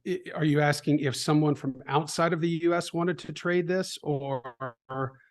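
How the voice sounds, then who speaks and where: A middle-aged man in a conversational interview, an animated storyteller who acts out quoted voices, with frequent restarts. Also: a little high, moderate pace. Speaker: trading educator, guest.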